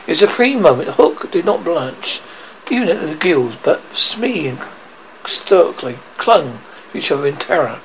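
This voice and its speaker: A man narrating an audiobook in an expressive way, now and then stumbling and rereading words. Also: fairly high pitch, a little slow, slight background noise, rough recording. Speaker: reader.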